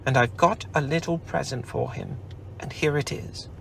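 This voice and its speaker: A man voicing an eager, kind young boy in a storybook, raising his voice higher and sounding excited. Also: normal speed, vocal fry, slight background noise, exaggerated voice. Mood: proud.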